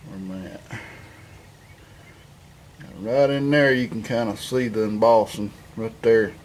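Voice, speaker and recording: A man's voice: lowish voice, a little slow, darkish tone, a little hiss or hum. A man in his garage, rambling casually through an engine install with lots of fillers and self-corrections. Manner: plainspoken, easygoing. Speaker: home mechanic vlogger. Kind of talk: casual shop walkthrough. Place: home garage shop.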